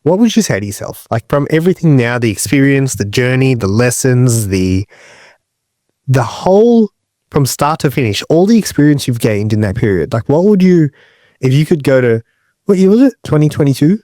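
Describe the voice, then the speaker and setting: A man's voice: mid-range voice, very animated, normal speed, dark tone, no room sound, clean studio sound. A man co-hosting a podcast who chats casually, rambling and questioning as he builds his point. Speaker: podcast co-host.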